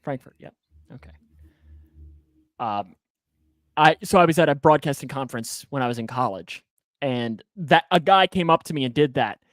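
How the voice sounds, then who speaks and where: A man co-hosting a casual podcast, joking around and talking in quick bursts with restarts. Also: mid-range voice, animated, no echo. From Kentucky. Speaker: co-host.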